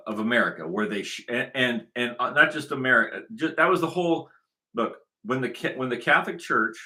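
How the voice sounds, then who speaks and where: A man's voice: mid-range voice, sharp tone. A man hosting his own channel, talking in an emphatic, rambling unscripted monologue that is full of repetition and restarts. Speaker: channel host.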